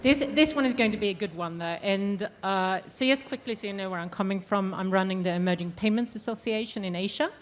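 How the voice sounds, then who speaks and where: A woman from Sweden runs a panel on a conference stage. She talks in an upbeat, lively way and keeps things moving. Her pitch sits in a plain middle range. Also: fairly quick, hardly any pauses. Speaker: panel moderator.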